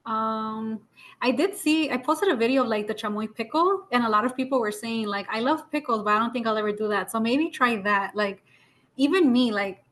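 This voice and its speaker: Woman co-host with a slightly high voice, laughs easily and tells chatty anecdotes. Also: a little fast, a bit bright. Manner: laughing anecdotes with Spanish words and fillers. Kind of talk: casual chat.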